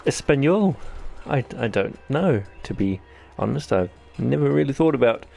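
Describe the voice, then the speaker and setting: Gravelly New Zealand man narrating gameplay. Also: mid-range voice, lively intonation, moderate pace, a little mellow, soft background music. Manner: rambling, jokey, self-deprecating chatter. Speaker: gaming channel host. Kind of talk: let's-play commentary.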